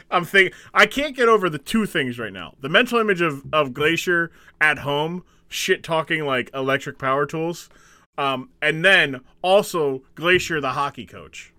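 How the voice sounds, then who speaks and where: A man's voice: on the high side, sharp tone, no echo. A man co-hosting a wrestling podcast in casual chat, laughing often and rambling between points. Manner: laughing, rambling, reads facts aloud. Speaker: podcast co-host.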